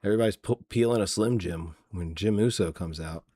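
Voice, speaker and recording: A man's voice: low voice, fairly quick, mellow, dry recording, studio quality. A man hosting a wrestling podcast, ranting sarcastically in casual chat with many fillers. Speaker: podcast host.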